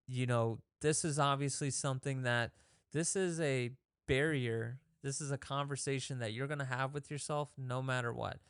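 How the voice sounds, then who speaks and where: A man's voice: medium pitch, a bit bright, smooth, dry recording, clean studio sound. A man hosting a fitness show, coaching in a casual, conversational way and acting out people's inner thoughts, with frequent restarts. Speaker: fitness podcast host. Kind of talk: casual motivational talk.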